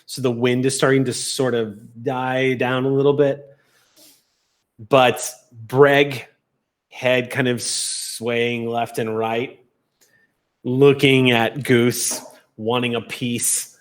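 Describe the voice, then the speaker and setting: A man runs a tabletop game as its game master, painting each scene in vivid detail. His voice sits in the middle range and moves at an even, unhurried pace. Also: medium pitch. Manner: descriptive, cinematic scene-setting.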